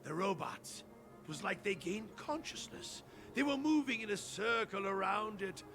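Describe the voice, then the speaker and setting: Brief: a nervous, over-polite official for a game, posh RP accent, high voice with swooping intonation. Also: male voice, animated, normal speed, fairly bright tone, soft background music. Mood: anxious, formal. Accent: posh English received pronunciation. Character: fretful formal male official, anxious and overly polite. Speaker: game character. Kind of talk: video game voice acting.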